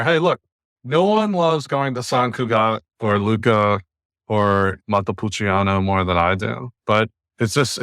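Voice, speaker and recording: Man, podcast host, from the US, low voice, opinionated and blunt, dry close sound. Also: no echo. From United States. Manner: blunt, opinionated, animated rants. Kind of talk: casual podcast discussion.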